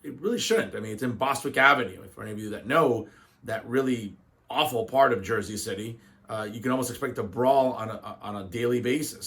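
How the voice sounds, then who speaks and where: A man's voice: medium pitch, fairly bright tone. A man hosting a political talk show, giving opinionated commentary in an emphatic, conversational way, often addressing the audience as folks. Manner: conversational with frequent fillers.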